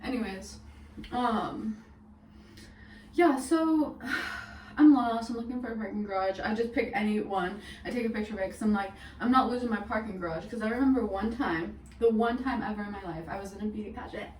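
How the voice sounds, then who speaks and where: A woman's voice: medium pitch, brisk, darkish tone, distant mic. A young woman telling a story in a casual vlog, chatty and full of swearing, laughing as she goes. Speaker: vlogger. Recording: echoey room, mic set back, faint hiss.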